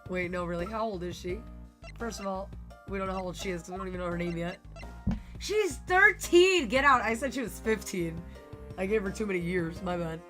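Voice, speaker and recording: A woman streaming a visual novel, reading it aloud and breaking in with excitable, gushing reactions. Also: lowish voice, fast talker. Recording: game music behind the voice.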